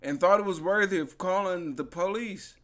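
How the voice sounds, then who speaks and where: Man, higher voice, animated banter, slang, podcast co-host on a call. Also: moderate pace. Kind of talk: casual comedic chat.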